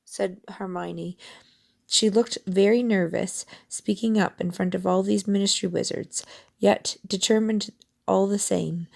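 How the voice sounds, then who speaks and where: Gravelly-voiced woman reading a novel. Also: medium pitch, fairly even intonation, a little slow, darkish tone. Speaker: audiobook reader.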